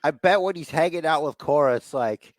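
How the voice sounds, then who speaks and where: A man co-hosting a casual wrestling podcast, excitable and laughing, often acting out quoted voices. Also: a little high, fairly quick, dry recording. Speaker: podcast co-host.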